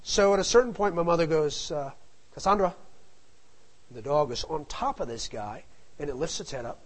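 A man's voice: fairly high pitch, animated, brisk, low-quality recording. A middle-aged man telling a family anecdote in a casual, rambling way, full of asides. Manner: rambling, digressive, with frequent asides. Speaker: storyteller.

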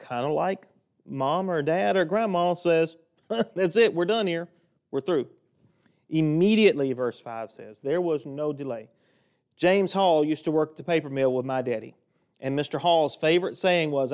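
A man preaching a sermon from a lectern in a church, folksy and joking, swinging between loud stretches and quiet ones. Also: fairly high pitch. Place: church sanctuary, speaking at a lectern.

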